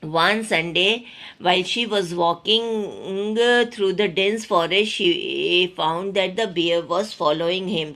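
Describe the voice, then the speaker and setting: An Indian woman with a fairly low voice goes through a school reading lesson. She reads the story aloud and then retells each part more simply, slipping into Hindi at times. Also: takes it slowly, fairly bright tone. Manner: reads a line, then explains it again in simpler words, mixing in Hindi. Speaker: teacher. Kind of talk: explaining a textbook story in class.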